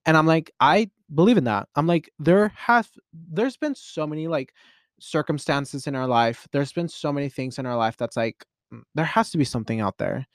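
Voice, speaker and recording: A twenty-year-old man hosting a podcast from his closet, rambling in a casual solo monologue full of "like" and restarts, with excitable jumps in pitch. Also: normal speed, no room sound, clean studio sound. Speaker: podcast host.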